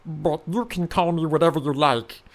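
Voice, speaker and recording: A man voicing a small, wary, furry cave changeling with a rumbling voice in a narrated fantasy story. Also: moderate pace, lightly acted.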